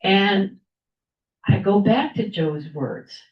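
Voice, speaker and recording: A woman's voice: mid-range voice, expressive, slow pace. An older woman giving a prepared storytelling speech at a club meeting, acting out the people she quotes. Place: meeting room at a club lunch. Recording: echoey room, dull lo-fi sound.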